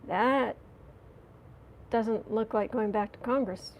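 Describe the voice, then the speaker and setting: A woman's voice: on the high side, slow pace, slight background noise. A woman giving a casual tarot reading, chatty and giggly, talking to viewers and to herself. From United States. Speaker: tarot reader.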